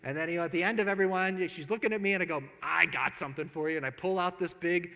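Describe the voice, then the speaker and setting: A man giving a humorous storytelling talk to an audience, acting out quoted lines with lively jumps in his voice. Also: quick pace. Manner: animated, acts out quotes with big pitch jumps. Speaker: Catholic speaker. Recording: long hall reverb.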